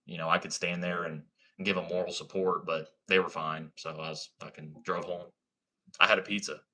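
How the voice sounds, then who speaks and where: Low-voiced, bright-toned man chatting on a livestream. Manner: laid-back, profane, slangy, lots of "like" and "bro". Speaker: livestream host. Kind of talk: casual livestream storytelling and chat.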